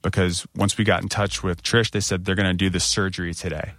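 A middle-aged man casually telling a self-mocking story, acting out other people's lines with big jumps in pitch. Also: little pitch movement, a little fast, a bit bright, no room sound, clean studio sound.

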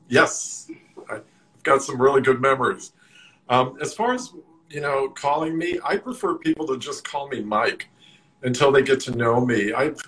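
A man's voice: mid-range voice, fairly bright tone, low-quality recording. A man in his sixties from the American Midwest, a guest on a video-call interview, easygoing and plainspoken with some joking. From Midwest USA. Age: 60s. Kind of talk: casual interview.

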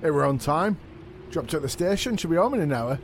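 An actor playing a dim, boastful male wrestling champion, delivered deadpan. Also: fairly high pitch, a little fast, slight background noise. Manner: deadpan, proud and clueless. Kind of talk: scripted comedy podcast.

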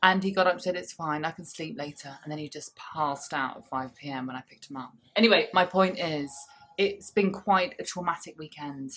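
A woman in her thirties co-hosting a podcast, chatting casually with wry, deadpan asides. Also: low voice, moderate pace. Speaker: podcast co-host. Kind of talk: casual chat. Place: small public toilet.

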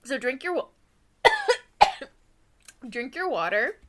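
A young woman co-hosting a podcast in casual chat, excitable and rambling, laughing often. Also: high voice, very slow, a little hiss or hum. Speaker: podcast co-host.

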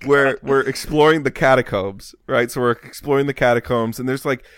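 A man's voice: medium pitch, a little fast, clean tone, no room sound, clean studio sound. A young man co-hosting a podcast, telling funny stories with lots of laughter and restarts. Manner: animated storyteller, laughs often, restarts lines. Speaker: podcast co-host. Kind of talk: casual storytelling.

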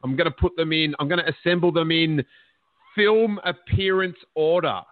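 A man's voice: on the high side, normal speed, no room sound. A man hosting a podcast, telling rambling stories in a jokey, chatty way. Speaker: podcast host. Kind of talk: casual chat. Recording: dry, phone-like narrow sound.

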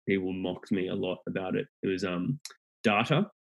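Relaxed Australian man with a lower voice. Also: brisk, creaky, lo-fi sound. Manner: relaxed and rambling, with many restarts. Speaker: podcast guest. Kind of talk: casual chat.

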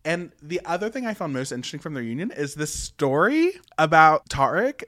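A young podcast co-host chatting casually about TV, reacting in an expressive, animated way. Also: medium pitch, a little fast, few pauses. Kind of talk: casual gossip chat.

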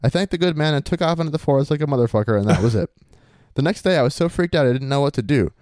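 A man's voice: fairly high pitch, lively intonation, quick pace, a little mellow, dry recording, studio quality. A man hosting a podcast, reading a listener's story aloud in a swaggering, crude bro persona. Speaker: podcast host.

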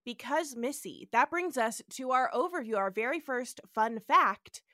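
A woman co-hosting a casual podcast, animated and laughing as she tells trivia. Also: fairly high pitch, a little slow, dry recording, studio quality. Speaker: podcast co-host.

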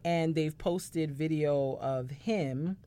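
A woman's voice: sits low, slow pace, dark tone, smooth. Chatty, playfully dramatic woman co-host. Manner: playfully dramatic, mock-indignant; rambling with many fillers. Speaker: podcast co-host. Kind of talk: casual chat.

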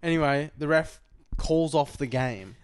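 A young Australian man spins a rambling story in casual podcast chat, swearing freely. His voice comes across smooth and resonant, recorded close with a dry sound. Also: fairly high pitch, unhurried, dry recording. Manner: rambling, swears often, acts out quotes. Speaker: podcast co-host. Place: lounge room.

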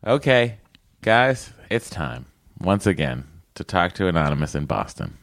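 A man's voice: low voice, big pitch swings, a little slow, gravelly, fairly bright tone, dry recording, clean studio sound. A man co-hosting a casual podcast, joking around and reading listener emails aloud. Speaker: podcast co-host.

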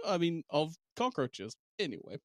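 Playful, lively New man. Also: a little high, moderate pace, no room sound, clean studio sound. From New Zealand. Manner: playful, laughing, teasing. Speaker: podcast co-host and game master. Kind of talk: casual chat.

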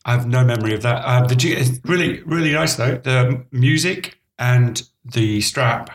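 A man's voice: mid-range voice, moderate pace. A man co-hosting a podcast in casual chat, bantering in a dry, teasing way while he asks quiz questions. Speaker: podcast co-host.

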